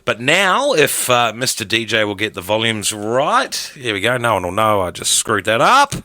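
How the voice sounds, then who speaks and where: A young Australian man hosting a boisterous breakfast radio show, loud and playful, laughing often. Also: fairly low pitch, big pitch swings, normal speed, no echo, clean studio sound. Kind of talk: boisterous morning radio banter. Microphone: studio microphone.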